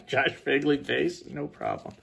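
A husky man sits opening packs of baseball cards and reads the players' names aloud one by one. He talks in a loose, joking way between the names. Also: on the high side. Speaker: card breaker. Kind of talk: casual card-opening chat.

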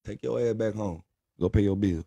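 Fairly low and gravelly with a dark tone, this young co-host's voice moves at normal speed as he gives his stream's viewers a profane, blunt, sermonizing pep talk. The recording has no echo.

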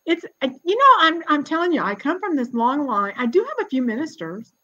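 Brief: sixties woman, genealogist guest, lively storyteller, slightly high voice, lo-fi call audio. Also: fairly quick. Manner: lively, chatty, laughs often. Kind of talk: casual storytelling conversation.

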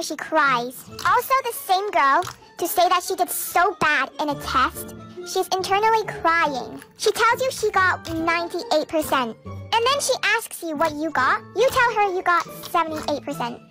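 A woman's voice: very high-pitched, animated, normal speed, bright, forceful tone. A young woman telling school storytime gripes in a sarcastic, exasperated way, with music playing behind. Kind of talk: storytime narration.

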